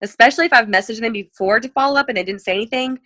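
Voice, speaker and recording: Bright, chatty woman coaching sales. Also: racing, dry recording. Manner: chatty, heavy use of "like" and "you know"; animated, jumps up in pitch when acting out messages. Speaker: direct sales team leader. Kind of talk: casual sales coaching talk. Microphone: video call mic.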